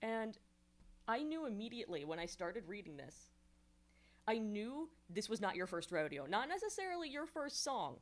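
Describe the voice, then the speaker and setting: A woman's voice: medium pitch, big pitch swings, moderate pace. A woman giving casual songwriting feedback on a livestream, rambling and explanatory with many fillers and restarts.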